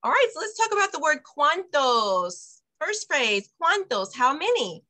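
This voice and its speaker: A woman leads an online Spanish lesson for parents, her voice bright and a little high. She explains things patiently and says each phrase slowly so listeners can copy it. It sounds like a video call. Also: sing-song. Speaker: bilingual preschool director teaching parents.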